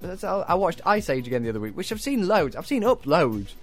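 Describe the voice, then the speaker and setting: A chatty, self-mocking man hosting a breakfast radio show. His voice sits a little high for a man, and he laughs easily between quiz questions. Soft music plays underneath in the studio. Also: sing-song, fast. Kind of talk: casual chat with quiz. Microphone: studio microphone.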